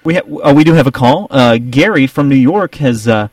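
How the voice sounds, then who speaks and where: A man's voice: mid-range voice, animated, brisk, darkish tone, no room sound. Rambling male radio host. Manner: rambling, with many fillers and restarts. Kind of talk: casual radio banter.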